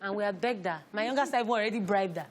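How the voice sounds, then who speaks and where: A woman's voice: mid-range voice, racing, a crowd in the background. A woman with a Nigerian accent, co-hosting a TV chat show in a studio, reading posts aloud and joking about them. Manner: reads posts aloud, then jokes. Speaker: co-host reading social media posts.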